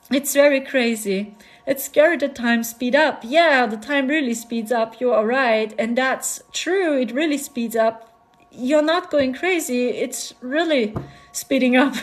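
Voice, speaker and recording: Chatty woman, laughing often. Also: sits high. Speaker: spiritual vlogger. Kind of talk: casual live-stream chat.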